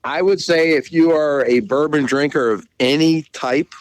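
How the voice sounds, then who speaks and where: A man's voice: on the high side, normal speed, dry recording, rough recording. Rambling middle-aged man telling stories. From Maryland, USA. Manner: rambling storyteller, many restarts and fillers. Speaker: podcast guest, bus seller. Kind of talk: casual chat.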